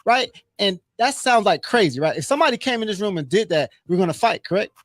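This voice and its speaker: High-voiced man telling a story. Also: quick pace, no echo. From Inglewood, California. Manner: animated storyteller, quotes others in raised voice, swears casually. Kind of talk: casual storytelling chat.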